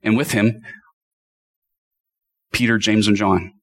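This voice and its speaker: A man preaching an earnest, passionate sermon. He drops into chatty asides to the congregation and shifts between quick runs and slow, stressed words. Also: on the low side, fairly even intonation, fairly bright tone, rough recording. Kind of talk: expository sermon.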